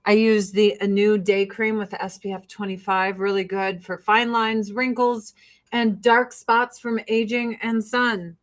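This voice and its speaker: A woman's voice: medium pitch, steady tone, measured pace. A woman from the Joliet area hosting a casual livestream chat with viewers, blunt and jokey, swearing freely. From Joliet, Illinois, USA. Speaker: livestream host and beauty product seller.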